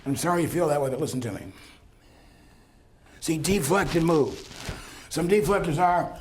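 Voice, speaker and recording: A man's voice: on the high side, moderate pace, long pauses, slight background noise. A man lecturing a seminar class, telling stories and acting out dialogue with frequent chuckles. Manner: storytelling, acts out dialogue, chuckles often. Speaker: lecturer on conflict talk.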